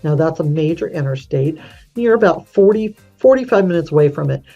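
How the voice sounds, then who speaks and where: A low-voiced woman talks through a map on her channel in a chatty, folksy way, often correcting herself mid-sentence. Her tone is mellow and relaxed. The audio is a bit dull, with faint music underneath. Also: a little fast. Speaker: real estate channel host. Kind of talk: casual screen-share map tour.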